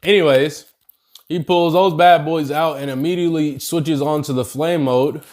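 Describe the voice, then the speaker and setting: A young adult man telling an anime what-if story in a casual, slangy, animated way, talking to viewers as y'all. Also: on the high side, moderate pace. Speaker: YouTuber.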